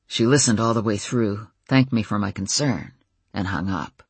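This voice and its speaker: A woman doing a soft-spoken werewolf man. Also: breathy edge, no echo, heavily acted. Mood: calm. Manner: quiet, measured, low-key. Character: calm male werewolf leader, low and soft.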